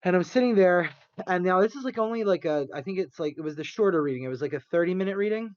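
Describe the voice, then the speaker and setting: A high-pitched, fast-talking man co-hosts a podcast, telling an animated, rambling story in a casual chat, acting out quotes and laughing often. The recording is dry and the audio dull.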